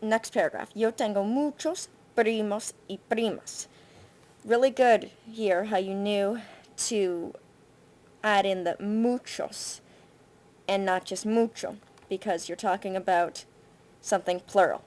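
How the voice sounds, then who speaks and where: A woman Spanish teacher, recording patient spoken feedback on a student's essay, thinking aloud with frequent pauses and fillers. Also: mid-range voice, darkish tone. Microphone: computer mic for screen recording.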